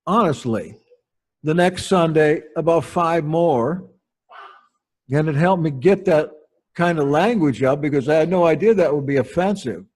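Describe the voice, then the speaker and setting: Unhurried man telling wry stories. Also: a little high, darkish tone. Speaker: pastor. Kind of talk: storytelling sermon.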